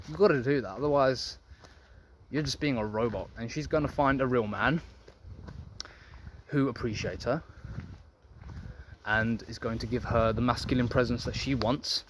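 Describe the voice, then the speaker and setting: A young man with a medium-pitched voice talks at a moderate pace with long pauses, over slight background noise. He's a men's self-improvement vlogger whose to-camera dating monologue is blunt, profane, and preachy, aimed at viewers he addresses as gentlemen.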